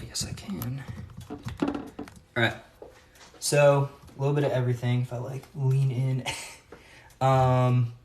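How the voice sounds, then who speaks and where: A man talking casually to camera while he cooks in his home kitchen, thinking aloud as he goes. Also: medium pitch. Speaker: home cook vlogger. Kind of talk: casual cooking vlog chat. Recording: roomy, distant, noisy kitchen audio.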